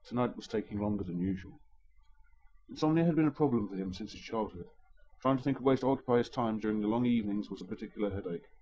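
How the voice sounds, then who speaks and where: A man narrates a story with dry, wry humor at a quick clip. His voice is low and dark. The recording sounds dull and muffled. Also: a little hiss or hum.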